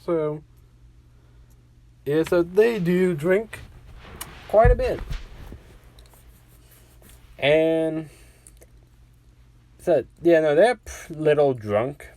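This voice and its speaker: A man's voice: fairly high pitch, very slow, pauses often, mellow, dry recording. A man casually narrating a fan-fiction story in a rambling way, full of "like" fillers.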